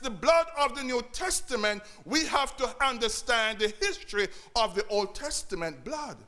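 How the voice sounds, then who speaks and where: A man's voice: very high-pitched, sharp tone. A man preaching a sermon to his congregation, repeating key phrases and calling out to the church. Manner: preaching with repetition and call-outs to the congregation.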